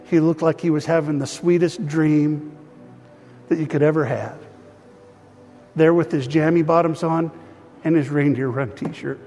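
A man's voice: on the high side, steady tone, a little slow, pauses often, darkish tone, faint music behind. A man preaching and praying as pastor, earnest and still emotional, speaking of grief and peace. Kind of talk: sermon with prayer. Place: church hall. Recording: long hall reverb.

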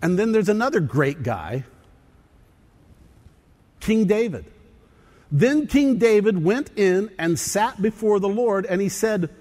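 Animated preaching man in a big hall. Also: sits high, slow, long pauses. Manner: animated preaching, acting out scripture voices. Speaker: pastor. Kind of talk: sermon.

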